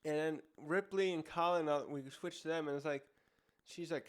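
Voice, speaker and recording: A man's voice: fairly high pitch, fairly even intonation, normal speed. A man casually reviewing a comic chapter, rambling with many restarts and fillers. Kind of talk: casual commentary.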